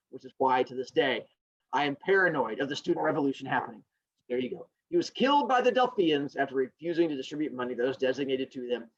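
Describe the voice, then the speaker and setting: Male teacher, animated storyteller, lively swinging pitch, husky tone. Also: highs cut off. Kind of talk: classroom storytelling lesson.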